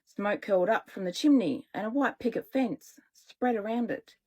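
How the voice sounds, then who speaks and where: A woman and children's author reading her own story aloud in a relaxed way, now and then correcting herself. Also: mid-range voice, normal speed, slightly rough, poor audio.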